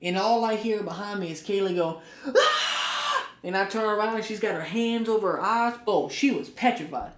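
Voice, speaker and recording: A man co-hosting a casual podcast, telling stories and rising loud for punchlines. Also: sits high, fairly quick, hardly any pauses, slight background noise. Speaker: podcast co-host. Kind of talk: casual chat. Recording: echoey room.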